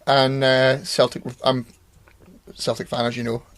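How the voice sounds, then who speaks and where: A man's voice: medium pitch, level tone, unhurried, fairly bright tone, slight background noise. A Scottish man co-hosting a film podcast, chatting casually and bluntly with plenty of swearing. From Scotland. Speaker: podcast co-host. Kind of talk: casual chat.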